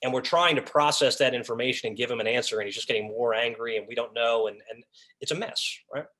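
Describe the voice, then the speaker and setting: A man's voice: medium pitch, fast. A man leading an officials' training session on a video call, talking casually and acting out what officials and coaches say. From raised by Long Islanders. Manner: animated, acts out lines of officials and coaches. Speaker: officiating instructor.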